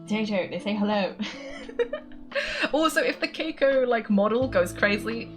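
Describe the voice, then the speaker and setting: A woman's voice: medium pitch, animated, normal speed, music in the background. A young woman streamer chatting casually while she plays a game, laughing often. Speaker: gaming streamer.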